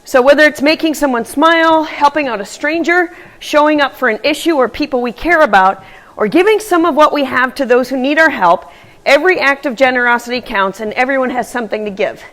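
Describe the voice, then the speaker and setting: A woman vlogging casually from a gym, chatty and earnest, a little out of breath from moving at a faster pace. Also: high voice, a bit bright. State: slightly out of breath. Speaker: running vlogger. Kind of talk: casual vlog talk.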